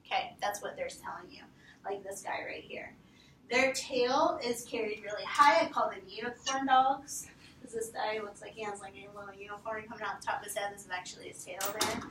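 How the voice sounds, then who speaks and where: Lady giving a training talk, bright sharp voice, kinda far from the mic in an echoey room. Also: mid-range voice, fairly quick, slight background noise. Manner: animated, acts out dogs' thoughts in quotes. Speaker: veterinary behavior instructor. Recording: roomy, from far off, faint ambience.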